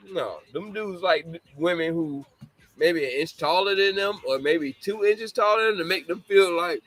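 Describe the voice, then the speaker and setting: A man's voice: sits high, unhurried, low-quality recording. Man in his forties, show host, casual live chat, laughs a lot, apologetic asides. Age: 40s. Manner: laughing often, apologetic, addressing children as babies. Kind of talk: casual livestream talk.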